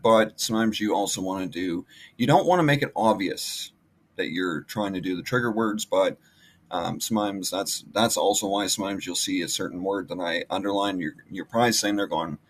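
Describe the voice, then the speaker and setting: Low-voiced man rambling about his emails. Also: slight background noise. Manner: rambling, many fillers and restarts. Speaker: online marketing vlogger. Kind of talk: casual screen-share walkthrough.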